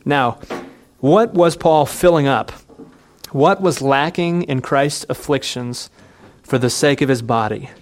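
A man preaching a sermon as a pastor, earnestly acting out the quoted voices in his story. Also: slow. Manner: earnest, acts out quoted voices with lively pitch jumps.

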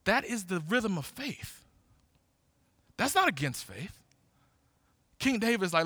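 A man in his forties preaching a sermon in a lively, conversational way, often restarting his words. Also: high-pitched, moderate pace, long pauses, dry recording. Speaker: pastor.

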